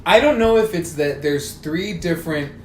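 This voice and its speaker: A joking podcast co-host whose pitch swings widely as the talk bounces along. The room is echoey, with faint ambience behind. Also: moderate pace, a little hiss or hum. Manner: lively and joking, laughs often. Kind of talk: casual chat.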